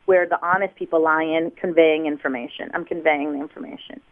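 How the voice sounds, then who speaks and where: A woman from the United States teaches listeners in a lively, explaining voice, sitting a little low in pitch. She is heard down a thin, tinny telephone line as a radio guest, often acting out little examples. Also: brisk. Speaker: body language expert guest. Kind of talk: radio interview over the phone.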